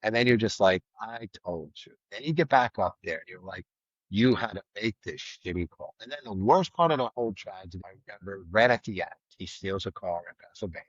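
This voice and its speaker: A man's voice: on the low side, lively intonation, a little fast, breathy edge, no room sound, lo-fi sound. Blunt, storytelling man with a dry sound. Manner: vivid, blunt, acts out quoted lines loudly, swears. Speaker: retired state trooper guest. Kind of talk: casual storytelling in a podcast interview.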